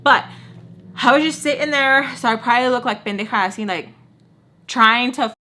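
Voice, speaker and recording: A young woman telling a story to her vlog audience in an animated, chatty way, swearing freely and saying "like" constantly. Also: on the high side, normal speed. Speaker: vlogger.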